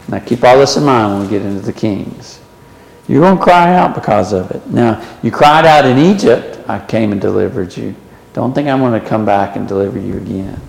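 A man preaching a sermon, swinging from loud emphatic questions to low, quiet warnings. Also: animated, fairly quick, gravelly, reverberant, in a large hall, low-quality recording.

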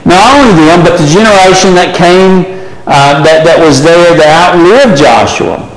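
A man's voice: on the high side, moderate pace, a crowd in the background. Man teaching Bible class in echoey hall. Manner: conversational, asks the class questions, frequent "right?". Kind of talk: Bible study lesson.

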